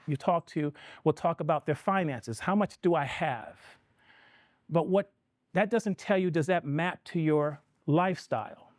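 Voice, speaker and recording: A middle-aged man giving a live financial seminar in a conversational, energetic way, often asking the audience questions. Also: a little high, no echo, clean studio sound. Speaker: financial planning presenter.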